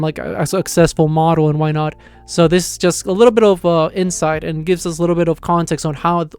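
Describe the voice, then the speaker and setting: Man, casual reaction review, rambling with fillers, slightly high voice, dry close sound. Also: clear, resonant tone, no room sound. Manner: rambling, filler-heavy, excited storytelling. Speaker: manga reviewer.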